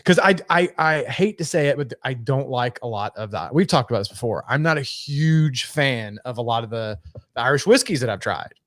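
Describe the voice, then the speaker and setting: A man's voice: mid-range voice, expressive, fairly quick, a bit bright, no echo, studio quality. A man from Florida with a Southern accent, co-hosting a podcast in loose casual chat, swearing freely and laughing often. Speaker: podcast co-host.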